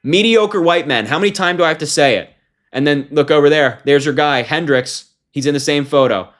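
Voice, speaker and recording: Indignant young man commentating. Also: a little fast. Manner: indignant, swinging from loud mocking call-outs to low muttered disgust. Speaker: political commentator host. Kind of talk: casual political commentary.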